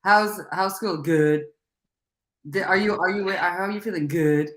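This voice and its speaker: A woman in casual conversation, talking animatedly in quick bursts with restarts. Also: medium pitch, a bit bright. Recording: echoey room.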